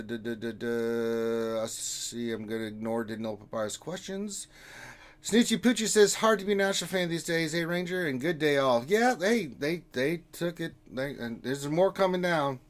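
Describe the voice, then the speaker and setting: A man hosting a casual live stream, reading viewer comments aloud with easygoing, jokey banter. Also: mid-range voice. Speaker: livestream host.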